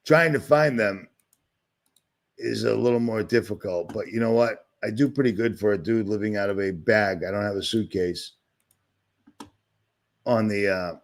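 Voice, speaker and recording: A man's voice: lowish voice, normal speed, long pauses. A man from Boston hosting a livestream, talking in a sarcastic, agitated, rambling rant while sharing his screen. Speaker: livestream host. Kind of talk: ranting livestream commentary.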